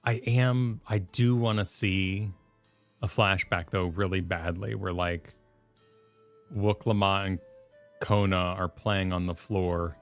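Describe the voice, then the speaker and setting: A man's voice: low voice, fairly even intonation, slow pace, soft background music. A man co-hosting a game stream in casual chat, playful and mock-defensive.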